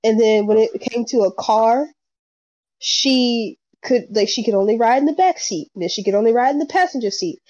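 A young woman telling a story in casual chat, acting out what people said, animated. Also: on the high side, normal speed, dry recording. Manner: animated storyteller, acts out quotes. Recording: dull lo-fi sound.

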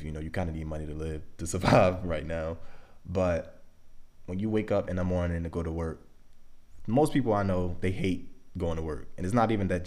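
A young man with a Baltimore accent talks alone on his podcast. His voice sits very low, and he sounds relaxed and conversational, thinking out loud with lots of "like" and "um". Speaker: podcast host. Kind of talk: casual solo podcast monologue.

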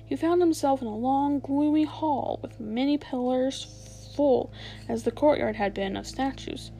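A woman reading a children's novel aloud in a measured, expressive way. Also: sits high, gravelly, slight background noise, poor audio. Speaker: storyteller.

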